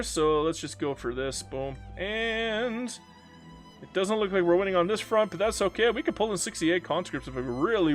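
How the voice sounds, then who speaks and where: High-ish voiced guy joking around while playing a strategy game, dry close mic, bit of music underneath. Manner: playful, joking, talks to the game. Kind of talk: casual gameplay commentary.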